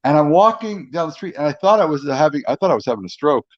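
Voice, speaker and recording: Brief: male guest, slightly higher voice, excitable swearing storyteller, dull remote-call sound. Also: fast. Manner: animated storyteller, swears, exaggerates. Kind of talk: casual livestream chat.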